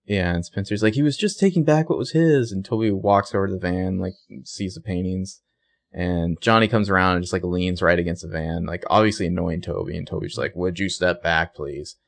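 A man's voice: sits low, brisk, gravelly. A young man co-hosting a casual chat, retelling a TV episode by acting out the characters' lines. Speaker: podcast co-host recapping a TV show.

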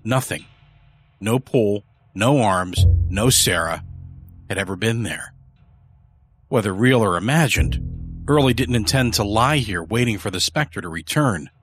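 A man narrating a horror story in a measured, dark storytelling manner. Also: on the low side, animated, faint music behind.

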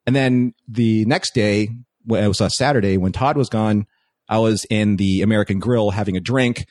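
Excitable man telling a fan story. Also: lowish voice, normal speed, no room sound, studio quality. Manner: animated, excitable anecdote-telling with acted-out quotes. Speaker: guest. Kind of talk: casual podcast storytelling.

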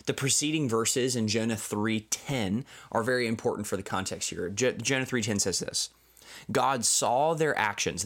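A man's voice: lowish voice, fairly bright tone. A man giving a short devotional Bible teaching as a pastor, earnestly reading scripture aloud, explaining it and closing in prayer. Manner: ends in spoken prayer.

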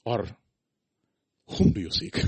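A man preaching a sermon, asking rhetorical questions and swinging between loud emphatic lines and quiet asides. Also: takes it slowly.

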